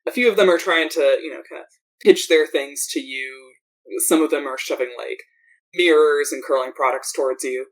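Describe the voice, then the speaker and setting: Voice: mid-range voice, normal speed, low-quality recording. A game master narrating a tabletop game in a loose, rambling way full of fillers.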